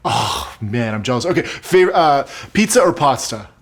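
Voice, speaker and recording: A man hosting a casual interview, speaking thoughtfully with halting restarts and soft affirmations. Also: medium pitch, very animated. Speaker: podcast host.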